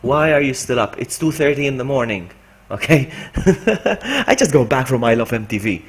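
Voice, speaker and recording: A man's voice: medium pitch, very animated, moderate pace, slight background noise. A man, streaming a game and talking himself through it while greeting chat. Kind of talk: live gameplay commentary. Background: game music.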